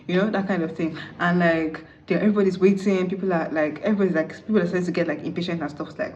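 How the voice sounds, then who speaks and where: A woman recaps a movie in a quick, chatty flow full of fillers, acting out the characters as she goes. Her voice sits fairly low. The audio sounds slightly distant and dull, with a faint hum of noise behind it. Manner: chatty, full of "like", acts out the dialogue.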